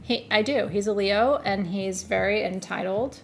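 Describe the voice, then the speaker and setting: A woman's voice: mid-range voice, normal speed, creaky, a little hiss or hum. A woman co-hosting a live crystal show in casual, playful chat. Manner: chatty, playful, breaks into laughter.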